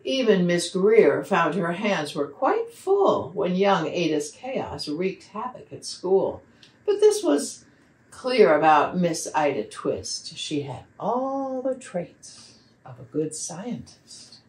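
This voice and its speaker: Woman reading verse and a picture book to children, slow and expressive, lower voice, roomy distant sound. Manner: slow, expressive read-aloud delivery. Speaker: children's program facilitator.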